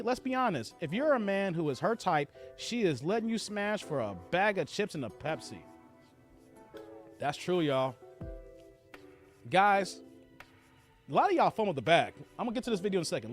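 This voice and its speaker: A man with a high, animated voice runs a livestream, reacting to clips and reading viewer comments. His delivery is heated and full of swearing, swinging widely up and down in pitch. Soft music plays faintly behind him.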